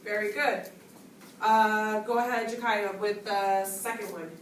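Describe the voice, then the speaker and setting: A woman's voice: medium pitch, fairly even intonation, a little slow. A woman teaching a grammar lesson to a class, explaining points and calling on students by name. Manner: instructive, calls on students and asks questions. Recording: echoey classroom, distant mic, background noise.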